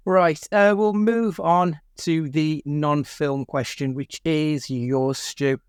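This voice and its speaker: A man's voice: fairly high pitch, steady tone, slow pace, clean tone, no room sound, studio quality. A man from England co-hosting a podcast, speaking steadily and steering the conversation in casual chat. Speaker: podcast co-host.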